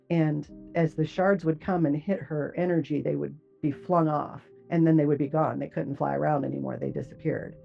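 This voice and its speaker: Low, gravelly middle-aged woman. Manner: earnest, reflective, many "like" and "you know" fillers. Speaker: guest recounting a near-death experience. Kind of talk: personal spoken testimony. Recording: dull lo-fi audio with faint music.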